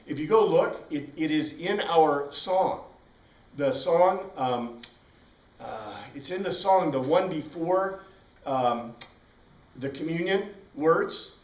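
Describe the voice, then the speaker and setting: Male Bible teacher, slightly high voice, animated and digressive, heard from a distance in an echoey classroom. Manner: animated, digressive, spells out Greek words. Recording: roomy room, distant mic.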